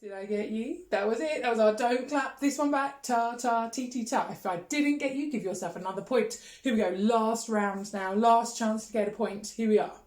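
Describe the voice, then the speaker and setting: A woman's voice: a little high, moderate pace, few pauses, a little mellow, reverberant, a little hiss or hum. A woman teaching an online music lesson, encouraging and singing rhythms with her class. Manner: encouraging, sings and claps rhythms.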